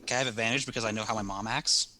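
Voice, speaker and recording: Bright-voiced man playing a tabletop game. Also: on the low side, steady tone, rapid-fire, no room sound. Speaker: player. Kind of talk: tabletop role-play table talk.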